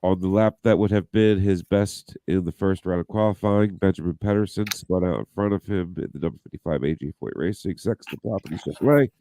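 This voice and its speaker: A man's voice: low voice, fairly quick, few pauses, dark tone, a little hiss or hum. A man co-hosting a casual podcast, reading news items aloud and joking with profanity. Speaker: podcast co-host.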